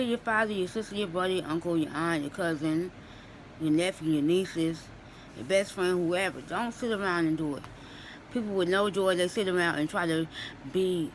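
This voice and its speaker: A woman's voice: on the low side, fairly bright tone, slight background noise, low-quality recording. A young woman and student, tearful, giving an earnest Christian encouragement and testimony in casual talk, repeating her phrases. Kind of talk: casual spoken testimony to camera.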